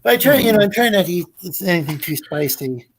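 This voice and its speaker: Hesitant man talking in halting bursts. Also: sits high, animated, low-quality recording. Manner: hesitant, halting, many restarts. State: unwell. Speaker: streamer. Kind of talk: casual chat.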